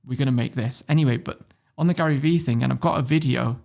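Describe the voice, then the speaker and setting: Northern English man, podcast guest: fast, gravelly, animated storyteller, swears freely. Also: medium pitch. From Warrington, England. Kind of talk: casual interview storytelling.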